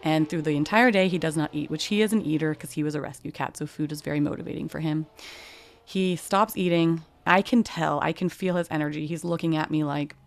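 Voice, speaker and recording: A woman's voice: sits low, steady tone, a little fast. A young adult woman, a podcast host, telling a personal story in a candid, emotional way with casual fillers.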